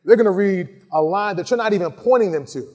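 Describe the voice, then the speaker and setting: In a high, expressive, warm voice, a male criminal defense lawyer delivers a recorded masterclass lecture on law. His style is conversational, full of sentence restarts and points capped with "right?", and he reads example lines in a slow, dramatic way.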